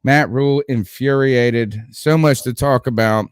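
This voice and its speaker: A man's voice: mid-range voice, a little slow, clear, resonant tone, no room sound, clean studio sound. A man hosting a sports podcast in a casual, joking, rambling way. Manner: joking, hyperbolic, rambling with fillers. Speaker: podcast host.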